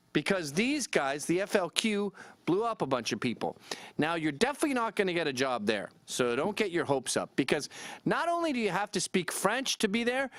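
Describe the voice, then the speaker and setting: A man's voice: high voice, a bit bright, no echo. Rambling, irreverent man. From Canada. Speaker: vlogger. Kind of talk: casual commentary to camera.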